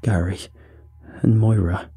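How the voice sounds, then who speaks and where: A man voicing a monstrous father creature who speaks in a low, slow, menacing growl. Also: fairly even intonation, warm tone, breathy edge, dry recording, faint music behind, exaggerated voice.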